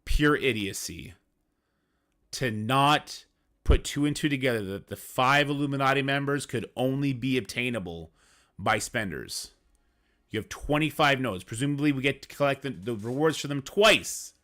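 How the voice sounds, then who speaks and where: A man's voice: mid-range voice, expressive, moderate pace, sharp tone. A man streaming about a mobile game, ranting in an emphatic, frustrated way and swearing now and then. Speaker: gaming streamer. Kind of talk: casual ranting commentary.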